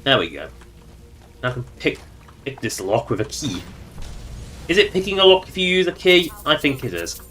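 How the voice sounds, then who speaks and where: A man's voice: a little high, sing-song, normal speed, pauses often, sharp tone. A man giving casual, joking commentary while livestreaming a game and talking to its characters. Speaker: streamer.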